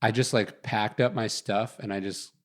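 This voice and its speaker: A man's voice: on the low side, normal speed. Guy in his 30s telling a story in an interview, rambly, lots of likes. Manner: rambling, lots of "like" fillers, animated retelling. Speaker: guest author. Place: guest's chosen location.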